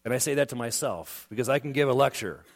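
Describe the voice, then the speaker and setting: A man's voice: mid-range voice, quick pace. A middle-aged man preaching a sermon as pastor, conversational, acting out quoted voices.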